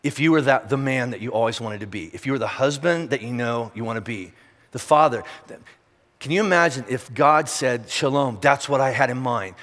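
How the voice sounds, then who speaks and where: A man preaching at a quick clip, talking straight to the crowd and stacking up rhetorical questions. His voice sits at an ordinary pitch for a man. The sound carries a long reverb from a big church auditorium. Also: expressive, fairly bright tone. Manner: conversational, direct, repeats rhetorical questions. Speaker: pastor. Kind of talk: sermon.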